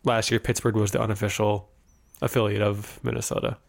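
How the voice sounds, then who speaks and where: A man's voice: on the low side, little pitch movement, a little fast, creaky. A man from Wisconsin co-hosting a casual sports podcast, passing on news with dry teasing. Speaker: podcast co-host.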